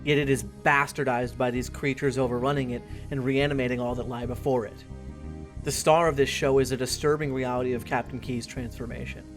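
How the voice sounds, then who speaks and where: A man's voice: mid-range voice, fairly even intonation, brisk, soft background music. A man in his twenties narrating a scripted video essay in an earnest, reflective way.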